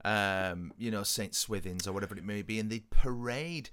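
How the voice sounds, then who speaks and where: A man speaks in a reflective, musing way, turning ideas over as he goes. His voice sits fairly low yet has a bright, forceful edge. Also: normal speed, clear, resonant tone. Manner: reflective, musing, recalls what he read. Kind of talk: casual chat.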